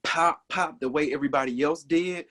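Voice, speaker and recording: A man with a Southern Atlanta accent speaks as a guest in a casual online interview. His voice is a little husky, and he lays out his thoughts earnestly and at length. He sounds relaxed and sincere. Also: fairly high pitch, normal speed. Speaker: singer, dancer and songwriter guest.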